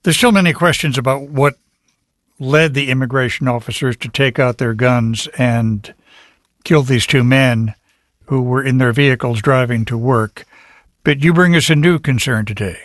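A man hosting a public radio news program, asking questions in a measured, conversational way from a studio. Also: medium pitch, a bit bright, dry recording. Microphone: studio microphone.

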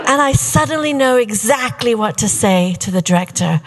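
A young woman telling a personal story live, animated, slipping into hushed whispered asides. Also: fairly high pitch, moderate pace, few pauses, background noise.

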